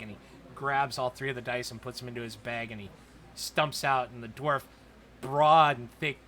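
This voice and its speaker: A man narrating a tabletop role-playing game as dungeon master, in a casual, halting way. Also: mid-range voice, sharp tone, a little hiss or hum. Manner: casual, hesitant with fillers.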